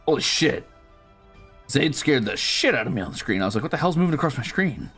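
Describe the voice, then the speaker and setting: A man's voice: mid-range voice, sing-song, a little fast, fairly bright tone, breathy edge, faint music behind. A man streaming from a room at home, chatting casually while he draws, swearing freely and teasing his cat in coaxing baby-talk. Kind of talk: casual live-stream chat while drawing.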